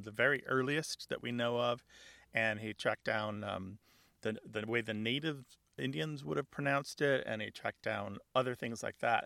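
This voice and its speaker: A man's voice: medium pitch, creaky, fairly bright tone, no echo, clean studio sound. A man from Missouri hosting a radio call-in show, patiently explaining things to a caller in detail. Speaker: radio language show host.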